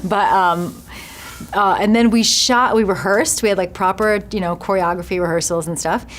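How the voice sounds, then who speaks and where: A woman's voice: medium pitch, normal speed, a little hiss or hum. A woman giving a casual press junket interview about her film, chatty, laughing often and restarting her sentences.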